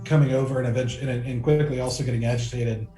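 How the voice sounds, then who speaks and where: A man's voice: mid-range voice, fairly even intonation, very fast, mellow. A man narrating as game master of a tabletop game, rambling with many fillers and restarts. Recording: echoey room with faint music.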